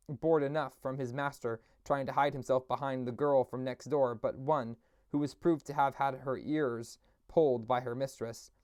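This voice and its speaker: A man reading a classic novel aloud at a steady pace, with occasional slips and restarts. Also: mid-range voice, no echo, clean studio sound. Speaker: audiobook reader.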